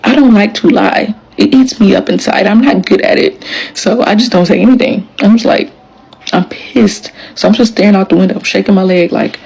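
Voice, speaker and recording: A woman's voice: medium pitch, normal speed, vocal fry, darkish tone, slightly rough, low-quality recording. A woman, telling the story of her marriage in casual, emphatic storytelling to camera, acting out quoted lines.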